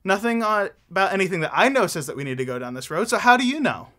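A man's voice: high-pitched, lively intonation, fast talker, sharp tone. A man voicing an anxious male semi-truck in a kids' church story, worried and full of questions. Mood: curious.

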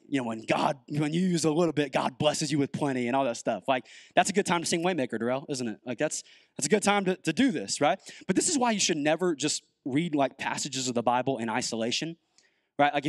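A man's voice: medium pitch, no room sound. A man preaching as a guest pastor, talking casually with lots of fillers and building to emphatic peaks. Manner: conversational, many "like" fillers, rising to emphatic. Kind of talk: sermon.

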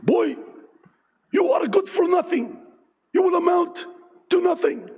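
A man's voice: very high-pitched, animated, a little slow, creaky, in a large hall, muffled recording, voice pushed up, full character voice. A man voicing a harsh father who belittles his son in a mean voice with a foreign accent. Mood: contemptuous. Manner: mean, contemptuous.

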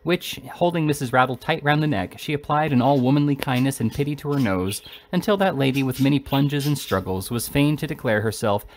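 A man reading a classic novel aloud in a steady voice, with occasional slips and restarts. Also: mid-range voice, fairly quick, few pauses, a little hiss or hum. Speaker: amateur audiobook reader.

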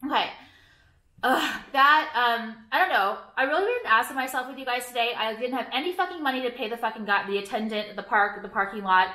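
A woman's voice: fairly high pitch, a little fast, sharp tone, reverberant. A young woman vlogging to camera, rambling and swearing a lot as she vents her irritation. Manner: rambling, profane, irritated, lots of "like". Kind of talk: casual ranting vlog.

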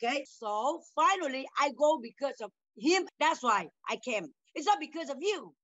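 High-voiced older mother in broken English. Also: lively intonation, normal speed, fairly bright tone. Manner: confrontational, repeats phrases, non-native broken English. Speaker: mother in a family talk show. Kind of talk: heated family conversation.

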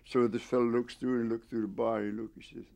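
A man's voice: medium pitch, level tone, fast talker, vocal fry, a little mellow. Chuckling man in his nineties. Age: 90s. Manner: rambling, with many restarts and chuckles. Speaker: interviewee. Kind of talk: storytelling reminiscence. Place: his home.

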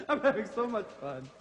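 Shrill cackling witch, self-admiring, lively swoops, roomy echo. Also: heavily acted. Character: vain witch hostess Griselda, female, cackling.

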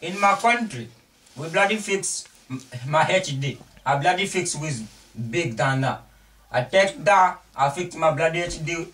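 A man's voice: fairly high pitch, expressive, unhurried, fairly bright tone. A man acting a stubborn self-made computer fixer who talks in broken English and puts "bloody" into every sentence. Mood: insistent. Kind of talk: amateur comedy short film acting. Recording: distant mic with faint noise.

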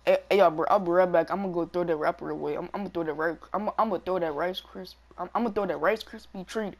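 A man giving casual live commentary on a basketball video game, talking excitedly and trash-talking the players, with lots of slangy filler words. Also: sits high, fast talker. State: out of breath. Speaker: gaming channel host.

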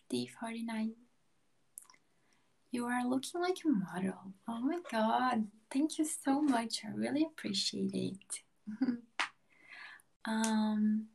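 A young woman from Brazil chatting softly with viewers on a live stream at night, often drifting into a whisper and filling gaps with ums. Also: on the high side, vocal fry. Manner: slow, soft-spoken, with frequent ums and light laughs.

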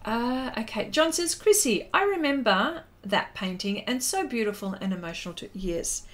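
While painting on her live art stream, a middle-aged Australian woman chats loosely and reads out comments from viewers, often using fillers and restarting. She speaks at normal speed in a sing-song voice on the high side.

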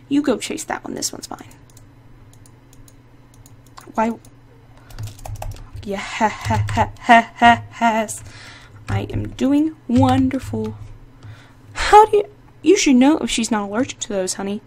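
A woman hosting her own gaming channel, giving casual, excitable, playfully sassy commentary while she plays. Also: on the high side, a little slow, pauses often, breathy edge. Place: indoor home setup. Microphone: desk microphone.

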